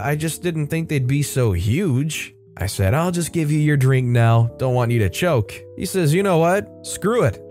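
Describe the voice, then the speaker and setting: A man narrating scripted online stories, dropping wry, jokey asides as he goes. His voice is mellow and warm, and faint music plays under it. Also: mid-range voice. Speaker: story narrator.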